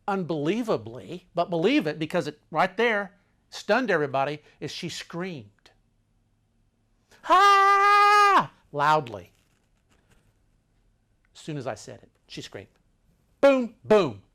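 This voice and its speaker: An older man telling a travel story with dramatic, animated delivery that swings between loud and hushed. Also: fairly high pitch.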